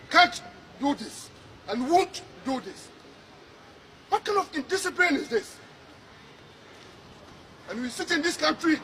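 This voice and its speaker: Indignant high-voiced man scolding outdoors. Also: fairly bright tone. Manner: indignant, scolding, repeats phrases. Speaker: public official. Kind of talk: angry public rebuke. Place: outdoors by a road. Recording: noisy outdoor archive clip.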